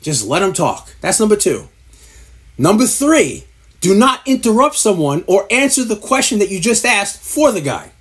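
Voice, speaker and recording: In a husky voice with wide pitch swings and a sing-song quality, a man rants at normal speed with blunt, profane exasperation. Sounding like a podcast producer airing his pet peeves, he gives advice to the camera and mocks others by mimicking them.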